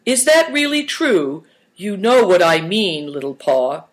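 A man reading aloud who voices a noble duke, commanding but kindly, with a raised, lively delivery. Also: high-pitched, unhurried, pitched above the performer's own voice. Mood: earnest.

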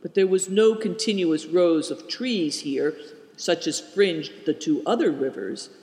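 Male narrator, audiobook, measured, high voice, echoey room with long reverb. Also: darkish tone. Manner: measured storytelling.

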